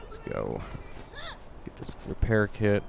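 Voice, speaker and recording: A man's voice: lowish voice, sing-song, takes it slowly, gravelly, heavy background noise. A young man streaming a video game, chatting casually and poking fun at himself. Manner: chatty, self-deprecating. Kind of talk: casual let's-play commentary.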